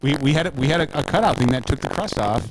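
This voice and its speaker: A man's voice: a little high, lively intonation. A man co-hosting a casual podcast, joking profanely and stumbling over his words when flustered. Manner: halting, restarts when flustered. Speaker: podcast co-host. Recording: clear background noise.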